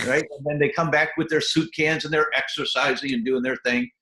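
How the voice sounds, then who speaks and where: Speaking briskly with hardly a pause, this man has a high-leaning voice, fairly even intonation and a bright, forceful tone that rings in an echoey room. He is an enthusiastic guest doctor laying out health habits one step at a time in a lively interview, occasionally performing small scenes in quoted voices.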